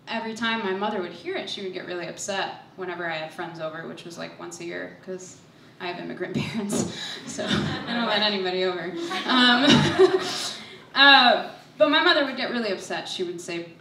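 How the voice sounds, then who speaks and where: Young woman, bright voice, nervous, self-mocking stage storyteller, echoey hall, picked up from a distance. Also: fairly low pitch, a little hiss or hum. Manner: nervous, self-deprecating, laughs through her lines. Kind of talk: personal storytelling.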